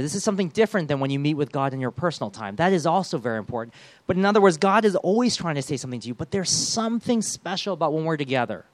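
Animated preaching man, fairly high voice. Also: no room sound. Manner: animated, acts out voices of God and the congregation. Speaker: pastor. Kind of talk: sermon.

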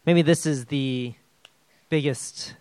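Male pastor, conversational sermon, fairly high voice, dry close sound, dynamic delivery with jokes. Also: slow pace, clean tone, no room sound. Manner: casual and animated, swings between loud emphasis and hushed drops; joking asides.

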